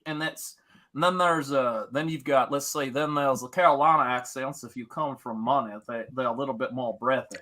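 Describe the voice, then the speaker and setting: A man with a Tennessee accent chatting casually as host, telling animated stories and laughing often. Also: mid-range voice, fairly quick. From American South. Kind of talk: casual livestream chat.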